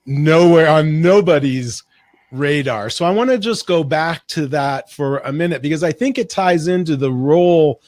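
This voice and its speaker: A man interviewing guests in a livestream, asking questions in a relaxed way with small restarts. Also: on the high side, normal speed, dry recording. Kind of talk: casual interview.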